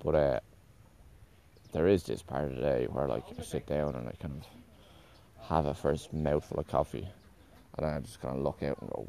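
A man's voice: a bass voice, normal speed, gravelly, warm tone. A man talking in a casual, meandering monologue, correcting himself often and swearing offhandedly.

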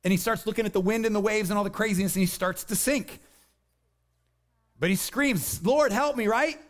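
A man's voice: high voice, normal speed. A man preaching a sermon, telling the story with energy and acting out the voices he quotes. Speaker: pastor.

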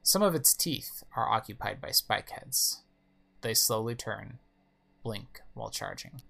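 A man's voice: fairly low pitch, animated, measured pace, gravelly, sharp tone. A man reading a story game's text aloud, with casual asides on the pictures. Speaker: game player narrating.

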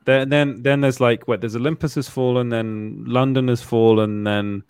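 A man's voice: mid-range voice, steady tone, normal speed, darkish tone, clear, resonant tone, dry recording, studio quality. A man hosting a casual movie chat, playful and often laughing. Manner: laughing, playful, mock-scornful.

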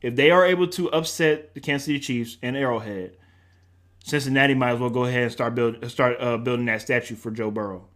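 A man co-hosting a sports talk show, passionate and emotional, breaking into loud rants. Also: medium pitch, brisk. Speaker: co-host.

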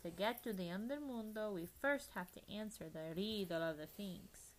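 A woman's voice: medium pitch, normal speed, slight background noise, natural voice. A woman voicing a pack of cheerful little male Chihuahuas, bossy and teasing, with Spanish-flavored words, in a storybook read-aloud.

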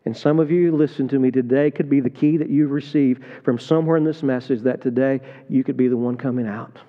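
A middle-aged man preaching a sermon, swinging between loud urgent appeals and low, tender confiding. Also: fairly even intonation, a little fast, big-room sound, highs cut off. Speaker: pastor. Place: church sanctuary.

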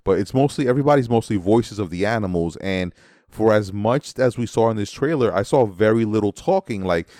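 Low-voiced, expressive man, dry sound. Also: brisk, dry recording. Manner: expressive, joking. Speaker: podcast co-host. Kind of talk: casual movie trailer review chat.

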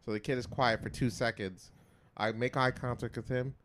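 A man co-hosting a podcast in casual chat, telling a story with lots of swearing, dropping to a mumble and then getting loud and worked up. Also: mid-range voice, moderate pace. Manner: heavy profanity, excitable. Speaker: podcast co-host.

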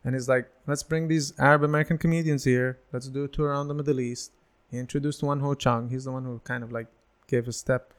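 A man's voice: mid-range voice, fast talker, hardly any pauses, smooth. A man in his thirties, a stand-up comedian, telling stories in casual chat and acting out the voices of people he quotes. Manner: animated, acts out quoted voices.

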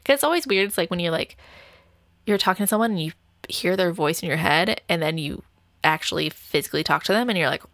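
A woman's voice: on the low side, animated, fast, a bit bright, no echo, clean studio sound. A young adult woman casually telling a dating story, full of "like" fillers and light laughs. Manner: chatty, heavy filler use of "like", frequent light laughs.

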